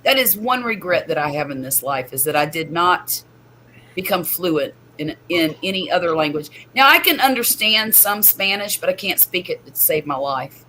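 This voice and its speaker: A woman's voice: lowish voice, lively intonation, normal speed, sharp tone, slight background noise, rough recording. A woman, hosting a chatty livestream from home and laughing often. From US Gulf Coast. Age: 50s. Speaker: livestream host. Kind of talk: casual livestream chat.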